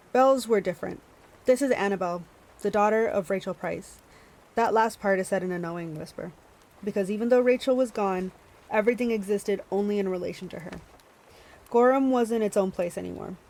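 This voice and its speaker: Reading a novel aloud on her book club stream, a woman occasionally stumbles and corrects herself, pausing between passages to talk with viewers. She speaks fairly quickly at medium pitch with a darkish tone, and the recording is low quality.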